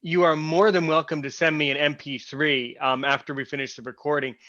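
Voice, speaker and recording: A man hosting a podcast, with a fairly high, bright voice. He talks in a friendly, encouraging way, and the audio is dry and a bit dull, as over a remote call. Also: steady tone, fairly quick, no echo. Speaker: podcast host. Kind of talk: casual podcast interview.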